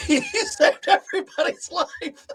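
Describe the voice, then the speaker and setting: A man in his fifties hosting a casual interview, loud and laughing, swearing freely. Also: extremely high pitch, huge pitch swings, slow. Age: 50s. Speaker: host.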